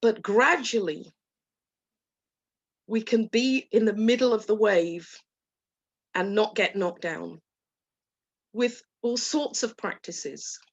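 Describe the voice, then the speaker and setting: A woman coach talking gently and soothingly to an online group, voicing soft inner dialogue. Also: mid-range voice, slow, long pauses, slightly rough, muffled recording. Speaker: guest coach. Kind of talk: talk to a live online group.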